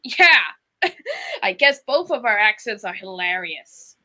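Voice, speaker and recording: A woman's voice: mid-range voice, very animated, slow, pushed and bright. A woman in casual group chat, giggly and encouraging.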